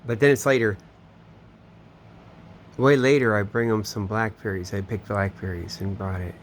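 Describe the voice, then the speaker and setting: A man's voice: on the low side, fairly even intonation, moderate pace, a little hiss or hum. A man telling a long, meandering personal story, swearing often and trailing off mid-sentence. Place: home in Florida.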